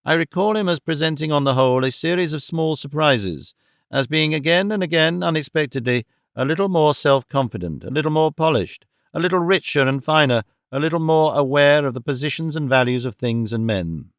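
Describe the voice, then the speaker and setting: A man giving a measured, scripted narration of a classic novel, shifting his voice for the quoted characters. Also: a little high, a bit bright, smooth, no echo, studio quality. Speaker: audiobook narrator.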